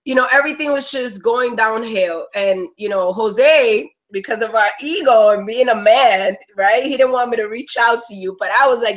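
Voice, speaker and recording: A woman's voice: a little high, normal speed, few pauses, poor audio. A woman in her thirties giving an emotional personal testimonial, rambling with lots of "like" and "you know", close to tears at times. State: near tears. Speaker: testimonial speaker.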